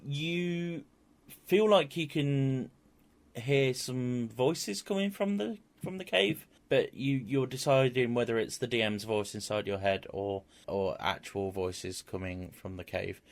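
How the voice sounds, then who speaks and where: Halting male game master, dry sound. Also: medium pitch, dry recording. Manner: halting, with fillers and repeated words. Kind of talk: narrating a tabletop game.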